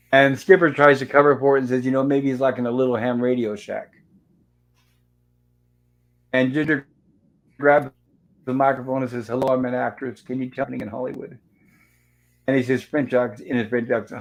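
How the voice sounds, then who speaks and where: A man hosting a casual recap show, retelling scenes and reading the characters' lines aloud in an easygoing way. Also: medium pitch. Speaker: show host. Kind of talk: casual episode recap chat.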